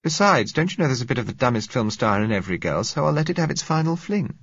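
A man's voice: medium pitch, big pitch swings, fast, fairly bright tone, slightly rough, muffled recording, pitched above the performer's own voice, full character voice. A man voicing a spirited young woman who teases and pouts, in a storybook reading. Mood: teasing.

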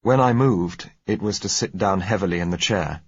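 A man narrating a novel in the first person, measured and understated. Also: sits low, breathy edge. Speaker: audiobook narrator. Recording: dull, dry lo-fi recording.

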